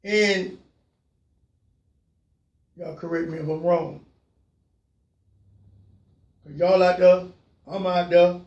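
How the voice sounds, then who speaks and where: A talk show host delivering a passionate call-in monologue, repeating phrases and swinging from low murmurs to shouts. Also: level tone, extremely slow, pauses often, distant mic, highs cut off. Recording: roomy sound, voice from away from the mic.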